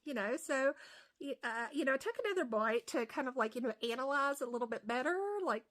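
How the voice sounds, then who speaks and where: A woman's voice: high voice, brisk, a bit bright. A woman from West Virginia with an Appalachian accent, telling a casual story full of fillers and restarts. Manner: rambling, many fillers and restarts. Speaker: comedian vlogger.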